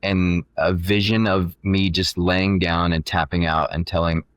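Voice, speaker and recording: A man guest on a podcast, telling a long story in a casual, animated way, often quoting himself, with many fillers. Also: sits low, measured pace, no room sound.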